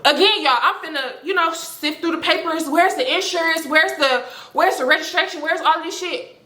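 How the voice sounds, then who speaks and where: A young woman telling a story to camera in a casual, animated and profane way, with many filler words. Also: very high-pitched, normal speed. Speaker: storytime vlogger. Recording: roomy echo.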